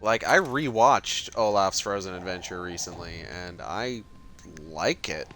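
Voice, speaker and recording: A man's voice: low voice, animated, a little slow, fairly bright tone, a little hiss or hum. A man casually talking while playing a video game, rambling with lots of fillers and cursing freely. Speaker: gaming streamer. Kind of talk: casual let's-play commentary.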